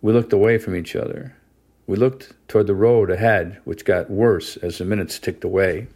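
A man reading a first-person novel aloud as an audiobook narrator, steady and measured. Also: on the low side. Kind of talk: scripted narration.

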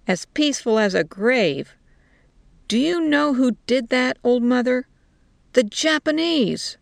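Gruff shouting soldiers, as a woman reading aloud puts them on, blunt and hostile, with a gravelly edge to the voice and a dry, close sound. The lines come out louder and sharper than the calm storytelling around them. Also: mid-range voice, unhurried, no room sound. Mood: scornful.

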